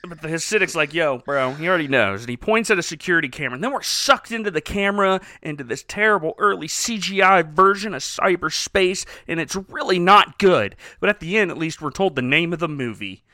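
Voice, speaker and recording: A man's voice: high voice, expressive, brisk, hardly any pauses, sharp tone, dry recording, clean studio sound. A man casually recapping a bad movie with wry, laughing commentary as a podcast co-host.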